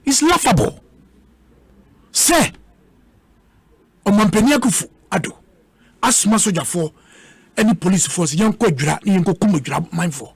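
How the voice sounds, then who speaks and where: A man's voice: sits high, very animated, normal speed, pauses often, breathy edge, no room sound. A man with a Ghanaian accent, arguing heatedly as a guest in a radio debate, combative and repeating words for emphasis.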